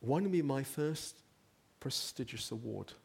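A man's voice: medium pitch, lively intonation, slow, vocal fry, breathy edge. A man preaching a sermon, earnest, building to emphatic rhetorical questions.

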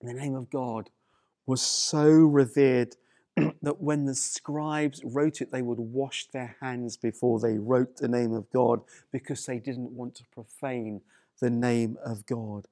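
A man's voice: mid-range voice, fairly even intonation, takes it slowly, mellow, no room sound, clean studio sound. A man preaching a sermon to people watching at home. He speaks with emphasis and repeats key phrases. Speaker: pastor.

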